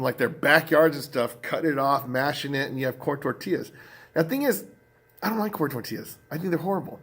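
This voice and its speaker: Rambling, animated man vlogging. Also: medium pitch. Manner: rambling, animated, lots of fillers and restarts. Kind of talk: casual storytelling vlog.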